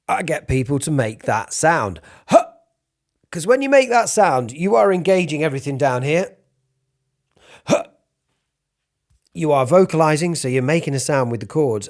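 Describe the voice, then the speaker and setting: Raspy vocal coach guy, gravelly and loose, chatty, breaks off to demo little sounds. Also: mid-range voice. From United Kingdom. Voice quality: raspy, breathy speaking voice. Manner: informal, demonstrates sounds mid-sentence. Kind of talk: singing lesson to camera.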